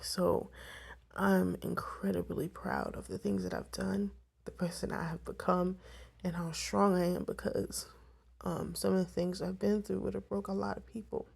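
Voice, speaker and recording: Gravelly-voiced young woman telling her story. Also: fairly low pitch, little pitch movement, moderate pace, darkish tone. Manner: emotional, tearful at times, many fillers. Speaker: vlogger. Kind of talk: personal storytelling to camera.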